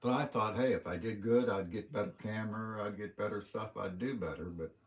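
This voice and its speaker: A man with a Western Pennsylvania accent talks on a casual livestream, rambling from one story to the next in a plain-spoken, folksy way. His voice sits a little on the low side. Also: brisk. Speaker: livestream host.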